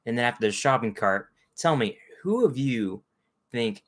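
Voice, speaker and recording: A man's voice: medium pitch, animated, normal speed. A man hosting a casual livestream, chatting with viewers in a rambling way and greeting them by name. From Texas. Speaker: livestream host. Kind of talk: casual live chat with viewers.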